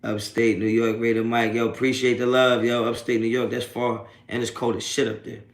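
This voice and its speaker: His delivery is flat and a little fast, his voice mid-range, and the recording reverberant. As host of a live post-game sports reaction stream, he reads chat and trash-talks trolls in streetwise slang, swearing constantly and laughing at them.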